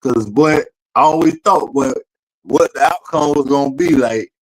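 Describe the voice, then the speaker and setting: Animated man telling a family story. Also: mid-range voice, moderate pace, rough recording. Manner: animated storyteller with slang and profanity. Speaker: podcast co-host. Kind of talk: casual storytelling chat.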